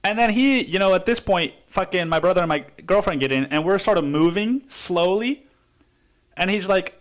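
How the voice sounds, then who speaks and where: A man's voice: fairly high pitch, lively intonation, moderate pace, a bit bright. A man from Mexico, hosting a podcast and telling a story in a casual, profane way, saying "dude" constantly. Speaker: podcast host.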